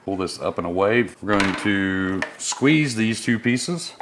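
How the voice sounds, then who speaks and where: A man's voice: lowish voice, animated, slow, background noise. A man, a service technician, casually walking through a motorcycle part install step by step in a workshop. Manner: casual, step-by-step instructional, friendly shop talk. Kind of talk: how-to install demonstration.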